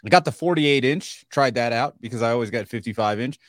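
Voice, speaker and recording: A man's voice: medium pitch, a little fast, no room sound. Laid-back man chatting on a dry mic. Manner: laid-back, laughs between phrases. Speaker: podcast co-host. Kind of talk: casual chat.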